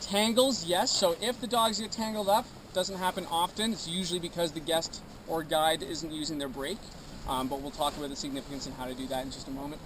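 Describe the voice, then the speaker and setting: A sled dog tour guide with a high voice briefs a group outdoors at a kennel, upbeat and joking, ending almost every line with "okay?" His intonation is fairly even and his pace a little fast. The recording is noisy, with clear ambient sound behind him.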